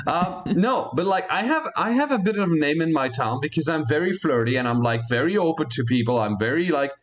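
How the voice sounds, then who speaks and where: A man hosting a podcast in casual chat, joking and animated, from Belgium. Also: brisk. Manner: animated, jokey, often jumps up in pitch. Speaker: podcast host.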